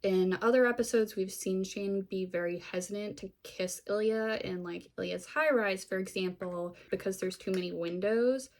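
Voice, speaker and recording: A woman's voice: medium pitch, normal speed, hardly any pauses, a little mellow, a little hiss or hum. A woman vlogger giving a casual, gossipy recap of a TV series, full of fillers and wry asides.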